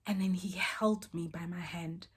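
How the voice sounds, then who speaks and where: A young woman tells a personal story casually, dropping to near-whispers and then bursting out loudly as she acts out what people said. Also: on the low side, normal speed, a little hiss or hum. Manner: animated, swings between soft near-whispers and loud exclaimed quotes.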